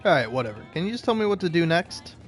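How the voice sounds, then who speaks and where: Young man, high voice, rambling profane gameplay commentary, laughs a lot. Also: sing-song, quick pace, faint music behind. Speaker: video game streamer.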